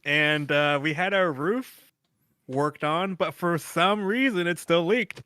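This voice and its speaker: A man's voice: on the high side, slow, bright, forceful tone, clean tone, no room sound, clean studio sound. A man co-hosting a podcast, telling rambling stories in casual chat and cursing freely. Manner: rambling storyteller, curses freely. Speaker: podcast co-host.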